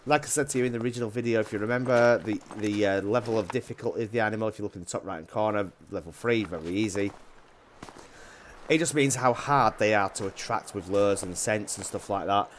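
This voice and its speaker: A man with a Yorkshire accent chatting casually while playing a hunting game, rambling with restarts and often dropping his voice low. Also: fast talker, slight background noise. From Yorkshire, England. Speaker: gaming YouTuber. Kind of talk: casual gameplay commentary.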